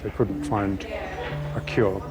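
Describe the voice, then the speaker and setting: Male owner interviewee, lowish voice, hesitant delivery, music bed. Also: steady tone, slow pace. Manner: hesitant, with fillers. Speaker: dog owner. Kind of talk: documentary interview.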